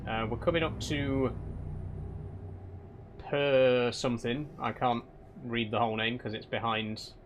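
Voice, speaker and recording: A young man answers his live chat in a dry, rambling way, and often feigns exasperation. His voice sits at an everyday middle pitch. Faint game engine noise hums behind him. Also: steady tone, unhurried, long pauses. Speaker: streamer reading live chat. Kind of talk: casual live-stream chat while driving a truck game.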